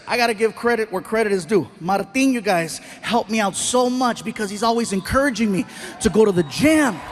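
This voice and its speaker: A man telling stand-up comedy stories in an animated, self-mocking way. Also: sits high, noisy background. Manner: animated, self-mocking, acts out the voices of others.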